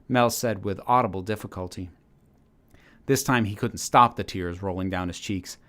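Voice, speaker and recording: Low-voiced man narrating a story. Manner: steady, measured reading with occasional restarts. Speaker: channel host reading his story. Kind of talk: audiobook-style story narration.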